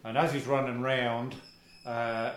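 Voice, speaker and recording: In an oral history interview, an older former soccer player with a relaxed Australian accent spins casual yarns about his playing days, pausing often on fillers. His voice is of ordinary pitch, and the room has a noticeable echo.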